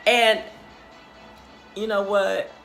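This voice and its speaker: A man hosting a casual reality show recap, gossiping in a sassy, animated, profane way. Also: high-pitched, extremely slow, gravelly, soft background music.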